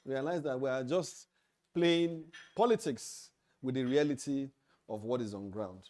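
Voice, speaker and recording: A man with a Nigerian English accent delivers a leadership training lecture to officials. His voice is mellow and warm, and he speaks emphatically. He hammers his points home by repeating key phrases. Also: mid-range voice, a little slow. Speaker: leadership trainer at an association meeting. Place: meeting hall.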